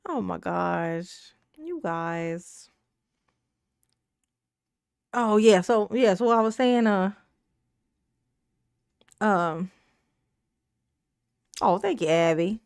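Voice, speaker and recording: A woman hosts a casual live stream from home, thanking viewers and riffing in slangy, emotional talk. She laughs often and drawls her words out slowly. Her close microphone sounds dry, with no room echo. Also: mid-range voice, expressive, vocal fry, a little mellow, clean tone. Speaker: livestream commentary host.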